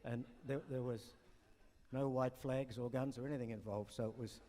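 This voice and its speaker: An older comedian from New Zealand performs stand-up at an awards night, wandering from joke to aside. He speaks at normal speed in a dark, steady, medium-pitched voice, and the hall adds long reverb.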